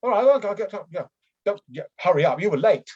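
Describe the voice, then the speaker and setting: A man's voice: high-pitched, very animated, fast talker, darkish tone. A man improvising a bumbling, unfit middle-aged aristocrat who rambles and keeps restarting his sentences, heard over a video call. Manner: rambling, hesitant, full of ums and restarts. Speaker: improv performer. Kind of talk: improvised comedy scene. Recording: dull lo-fi video call audio.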